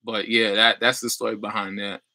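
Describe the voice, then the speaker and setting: A man's voice: fairly low pitch, level tone, normal speed, bright, forceful tone, dry recording. A young adult man chatting loosely on a livestream as a business coach, full of fillers and restarts while reading viewer comments.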